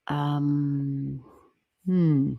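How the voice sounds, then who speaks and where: A woman hosting a livestream in a lower, easygoing voice, talking casually and getting excited, laughing and swearing now and then. The sound is dry and close, with little room around it. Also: very slow, gravelly, no echo, phone-quality sound. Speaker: astrology livestream host.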